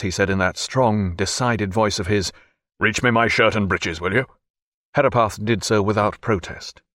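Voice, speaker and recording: A man narrating a novel chapter in measured, expressive storytelling. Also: fairly low pitch, dry recording, clean studio sound. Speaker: audiobook narrator. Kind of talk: scripted narration.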